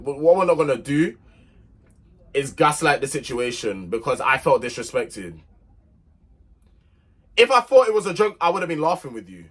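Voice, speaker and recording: A young man with a husky, breathy voice at a middle pitch. He vents to camera, stressing and repeating his points with irritated emphasis. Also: fairly bright tone. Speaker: vlogger. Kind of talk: heated storytime rant to camera.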